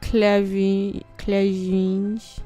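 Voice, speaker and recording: A woman's voice: medium pitch, completely flat delivery, drawn-out words, warm tone, faint music behind. A tired young woman with a New Zealand accent, chatting and rambling casually while live-streaming a game late at night. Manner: chatty, rambling, self-interrupting.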